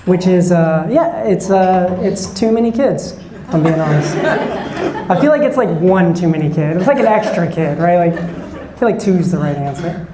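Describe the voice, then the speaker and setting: A man's voice: sits high, expressive, normal speed, roomy sound, a crowd in the background, rough recording. A man in his forties doing a stand-up set, chatting and bantering with the audience from a club stage. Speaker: stand-up comedian. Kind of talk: stand-up set with crowd work.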